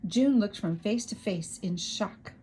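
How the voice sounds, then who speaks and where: A woman reads a children's chapter book aloud with lively, expressive narration. Her voice sits in a middle range and her pace shifts with the story. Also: medium pitch, a little slow, slightly rough, poor audio.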